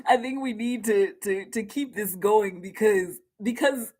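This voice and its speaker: A woman giving a casual live tarot reading, animated and giggly, with many fillers. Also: medium pitch, a little slow, slightly rough. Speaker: tarot reader.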